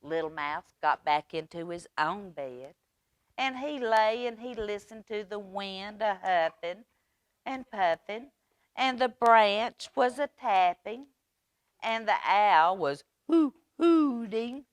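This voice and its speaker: Slow-reading woman, dry close sound. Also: mid-range voice, no echo. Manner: slow, expressive reading with hushed asides. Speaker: children's librarian. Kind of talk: storytime read-aloud. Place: public library.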